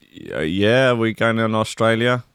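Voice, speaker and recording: A man's voice: lowish voice, lively intonation, measured pace, creaky, fairly bright tone, clear, resonant tone, no echo, studio quality. A young man hosting a comedy podcast, rambling and swearing as he riffs on news stories. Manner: profane, riffing, slips into mock voices. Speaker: podcast host.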